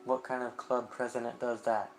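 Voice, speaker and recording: A man's voice: mid-range voice, level tone, moderate pace, natural voice, low-quality recording. A man reading the lines of a guilt-ridden teenage girl who leads a school club, in an earnest, self-blaming tone. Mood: guilty.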